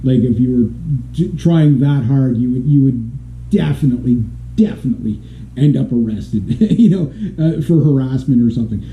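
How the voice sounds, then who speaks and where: A man's voice: medium pitch, moderate pace. Casual middle-aged man vlogger from Canada, rambling and chuckly; phone-like sound. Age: 40s. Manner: rambling, laughs often, many restarts. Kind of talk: casual opinion monologue. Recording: tinny echoey lo-fi audio.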